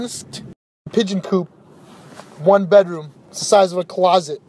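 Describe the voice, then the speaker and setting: A man doing an exaggerated comic rant in a sketch, loud and repetitive. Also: high voice, steady tone, moderate pace. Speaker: comedy sketch creator. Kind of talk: comedic sketch acting. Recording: music playing underneath.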